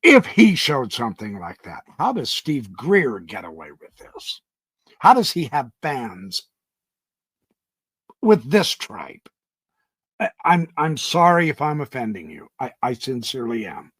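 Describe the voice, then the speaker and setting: Emphatic man with a lively, dry voice. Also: medium pitch, measured pace, breathy edge, no echo. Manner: emphatic, stammering restarts, indignant. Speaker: reaction channel host. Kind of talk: emphatic reaction commentary.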